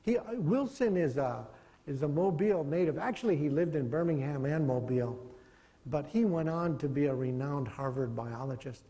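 Gravelly man lecturing in a reverberant hall. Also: a little high, lively intonation, moderate pace, warm tone. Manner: conversational, digressive, chuckling. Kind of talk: casual classroom lecture.

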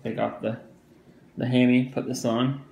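Gravelly Southern man reviewing a watch. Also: mid-range voice, little pitch movement, normal speed, darkish tone, highs cut off, slight background noise. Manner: rambling, repeats himself, many fillers. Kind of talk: casual product review.

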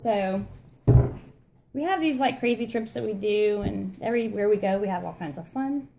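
A woman's voice: medium pitch, animated, moderate pace, vocal fry, dark tone, slight background noise, low-quality recording. Chatty woman rambling through a story. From Florida, USA. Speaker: vlog co-host. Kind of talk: casual chat.

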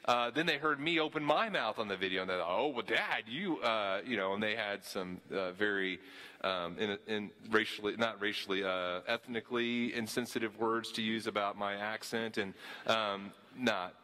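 A man's voice: lowish voice, normal speed, sharp tone. A man from the Southern US preaching a sermon with a slight Southern accent, earnest and often repeating words as he restarts his phrases. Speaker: pastor.

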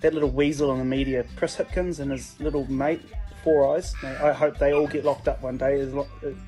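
A man's voice: mid-range voice, flat delivery, brisk, over music, close to an everyday voice. A man playing an indignant middle-aged anti-vax ranter. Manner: indignant, ranting.

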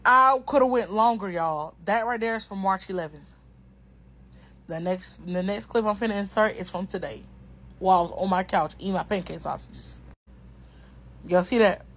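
A woman talks straight to her viewers in a casual testimonial vlog, her voice a little husky and breathy. Her speech is informal and slangy, and she keeps repeating herself for emphasis. Her pitch sits in an ordinary middle range. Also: normal speed, pauses often, a bit bright, rough recording. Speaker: customer sharing a product testimonial.

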